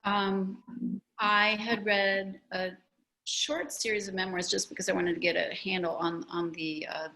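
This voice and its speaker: A woman's voice: mid-range voice, level tone, a little slow, creaky, sharp tone, poor audio. A woman author chatting about her memoir in a video-call interview, telling stories animatedly with lots of restarts and asides.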